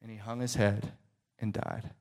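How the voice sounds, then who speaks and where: A male preacher telling a story in a dramatic sermon, often dropping to soft, hushed tones. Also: on the low side, little pitch movement, moderate pace, gravelly.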